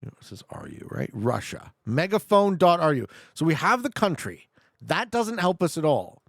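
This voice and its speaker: A man's voice: on the high side, very animated, moderate pace, no room sound, clean studio sound. A young man streaming a geography guessing game, joking and talking back to his chat. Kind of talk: casual live gameplay commentary.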